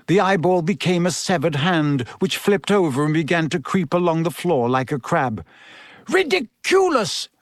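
A man's voice: fairly high pitch, normal speed, few pauses, no room sound, studio quality. A man reading a story aloud as scripted narration, delivering it expressively and slipping into voices for the characters.

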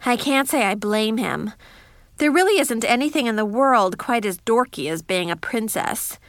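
A woman's voice: fairly high pitch, expressive, normal speed, fairly bright tone, no room sound, studio quality. A woman narrating a first-person story in a chatty, wry diary style.

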